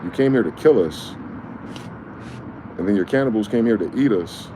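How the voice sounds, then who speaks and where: A man's voice: fairly low pitch, lively intonation, moderate pace, background noise. A man vlogging in a heated monologue, reading a document aloud and breaking off into angry, profane rhetorical questions.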